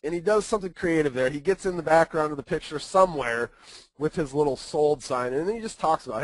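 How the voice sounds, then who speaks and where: Chatty man presenting a webinar, higher voice. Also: fast talker, dry recording, poor audio. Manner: conversational, often checks in with "right?" and "okay?".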